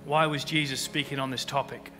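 A man preaching a sermon as pastor, building to loud emphatic peaks. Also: mid-range voice, fairly even intonation, fairly quick. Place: church auditorium. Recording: long hall reverb with faint music.

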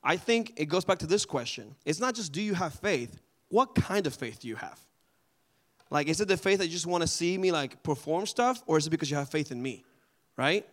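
A man leading a group Bible study in a casual, animated way, often asking the group questions. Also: a little high, brisk.

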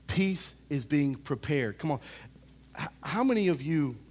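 A man preaching a sermon, animated, rising to loud calls and dropping to hushed asides, often saying "come on" to the congregation. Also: on the high side, unhurried.

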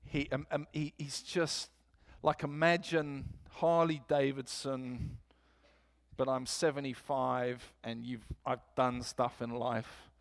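A man's voice: medium pitch, takes it slowly, gravelly. A man preaching a sermon in a church, telling stories and acting out quotes with energy. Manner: storytelling, animated quotes.

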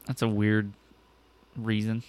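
A man's voice: on the low side, monotone, takes it slowly, a little mellow, clean tone. A man co-hosting a podcast, dropping in short, dry remarks during casual chat.

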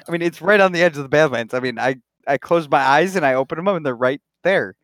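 A man's voice: on the high side, fast talker, fairly bright tone, no room sound, studio quality. A man in casual podcast chat, joking around and laughing a lot with friends. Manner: jokey, laughs often.

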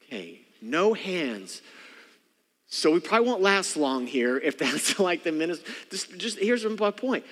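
Animated male pastor preaching in a reverberant hall. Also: fairly high pitch, a little slow. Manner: animated, acts out voices, calls for audience response. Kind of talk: sermon. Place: church sanctuary.

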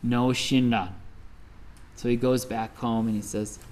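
A Buddhist minister with a mid-range, slightly slow voice tells a story as part of a sermon. He keeps it conversational and lively, tossing in frequent "right?" asides.

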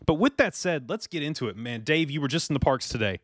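A man's voice: a little high, expressive, fast, a bit bright, no room sound, clean studio sound. A man hosting a podcast, talking in a friendly, rambling way and often quoting himself. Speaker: podcast host. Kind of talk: casual podcast chat.

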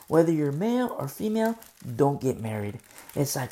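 A woman's voice: sits low, big pitch swings, a little fast, dark tone. A woman preacher giving a verse-by-verse Bible teaching. She is emphatic and rhetorical, repeats key phrases and keeps asking "You see?".

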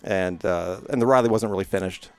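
A middle-aged man with a lowish voice tells stories as an interview guest. He rambles in a relaxed way, full of fillers and restarts, and laughs easily at himself. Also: fairly quick, smooth, no room sound, faint music behind. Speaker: guest, retired racing driver. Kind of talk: casual storytelling interview.

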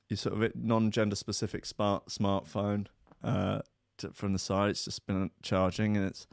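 A man's voice: on the low side, normal speed, gravelly, dry recording, studio quality. A man as podcast host, doing a sweary comedic monologue that keeps slipping into voices and outbursts. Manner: animated, sweary, slips into voices and shouts.

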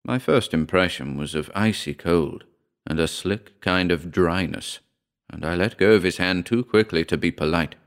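A man reading a first-person horror short story aloud in a measured, storytelling way. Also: deep voice. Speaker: narrator.

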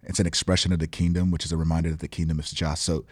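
Deep-voiced reflective pastor, man. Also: flat delivery, very fast, darkish tone, dry recording, studio quality. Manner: reflective, thoughtful, speaks in abstract terms. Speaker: pastor, podcast co-host. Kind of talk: casual Bible discussion.

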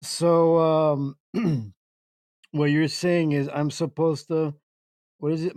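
A man's voice: a little high, fairly even intonation, slow, pauses often, darkish tone, dry recording. A man hosting an internet radio livestream, jokingly reading chat comments aloud and stumbling through words in playful confusion.

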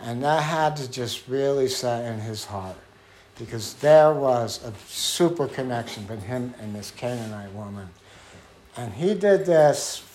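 Here a man gives a heartfelt, chatty sermon, acting out quoted voices and going quiet and low on the phrases that matter. A slight hiss or hum sits under the recording.

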